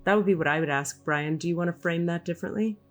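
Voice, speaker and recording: A woman hosting a podcast, speaking softly and reflectively, with frequent hums and sighs as she channels a spirit. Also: on the low side, quick pace, soft background music. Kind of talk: casual podcast talk.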